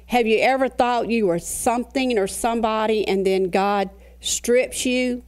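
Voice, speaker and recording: Middle-aged woman pastor, earnest preacher, slows for scripture. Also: on the high side, darkish tone, clean tone. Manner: earnest preaching with slow emphatic scripture readings. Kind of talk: sermon.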